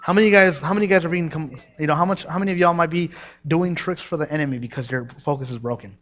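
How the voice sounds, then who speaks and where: Energetic young preacher, fairly high voice. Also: male voice, very fast, muffled recording. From Mexico. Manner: energetic, storytelling, with many restarts and asides to the congregation. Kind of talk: sermon.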